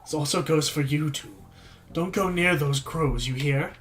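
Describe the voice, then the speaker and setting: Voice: medium pitch, unhurried, a little hiss or hum, natural voice. A streamer playing a stern old granny. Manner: firm and scolding. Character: stern protective old grandmother.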